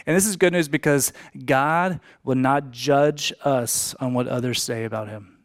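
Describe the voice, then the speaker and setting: A man's voice: mid-range voice, unhurried. A man preaching a sermon as a pastor, emphatic, repeating key lines for emphasis.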